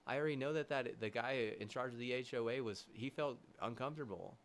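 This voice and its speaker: A young man streaming live, ranting angrily with constant swearing, halting restarts and loud agitated bursts. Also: medium pitch. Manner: heated, profane, swearing constantly; halting restarts, trailing fillers. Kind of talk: angry livestream rant.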